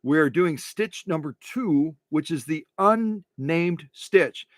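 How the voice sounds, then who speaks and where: Animated man chatting in a workshop. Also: a little high, slow, no echo, studio quality. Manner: animated, repeats phrases, mock rants. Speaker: sewing machine restorer. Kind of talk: casual workshop commentary.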